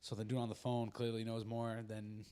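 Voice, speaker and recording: A man with a somewhat low voice carries a casual podcast conversation. He recaps a film in a loose, rambling way, dropping into the characters' lines and swearing without a second thought. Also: flat delivery, moderate pace, warm tone, smooth. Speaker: podcast host. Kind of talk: casual chat, retelling a movie plot.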